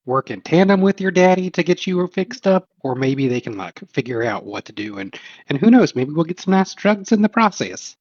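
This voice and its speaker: A man's voice: on the high side, very animated, moderate pace, a little mellow, no room sound, dull audio. A man playing a tabletop game, rambling and joking. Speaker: player.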